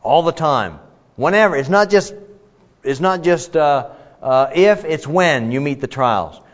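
A man's voice: on the high side, lively intonation, a little slow. A man teaching a Bible study in a conversational, emphatic way, often restarting his sentences. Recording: dull audio, long reverb in a hall.

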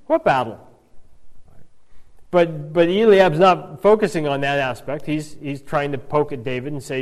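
A man's voice: fairly high pitch, moderate pace, a little mellow, in a large hall. A man reading a Bible passage aloud and explaining it, often repeating words as he restarts and checking in with "right?". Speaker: Bible teacher.

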